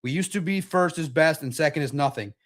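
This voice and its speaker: A man hosting a sports podcast live stream, chatting casually in an animated, repetitive way with frequent restarts. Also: fairly high pitch, brisk.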